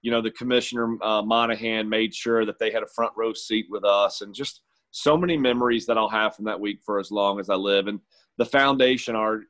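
A man's voice: fairly low pitch, a bit bright. A man who works as a golf caddie, telling his story in an interview in an earnest, heartfelt, reflective way.

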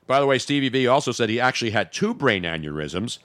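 A man hosting a radio talk show, joking and animated in casual banter. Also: medium pitch, fast talker, no room sound. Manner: animated, jokey, talks over co-host.

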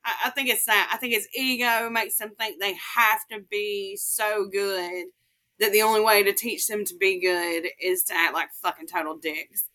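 Woman, podcast guest, casual chat, laughs easily, swears, bright tone. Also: mid-range voice, fairly even intonation, normal speed. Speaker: guest co-host.

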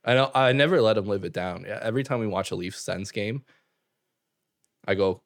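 A young man from Canada spins a funny family story in easy podcast chat. His voice sits a little low and the recording is close and dry. He talks fast and loose, full of asides and "like". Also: no echo. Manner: animated storyteller, fast filler-heavy talk with laughs. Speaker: podcast co-host. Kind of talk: casual chat.

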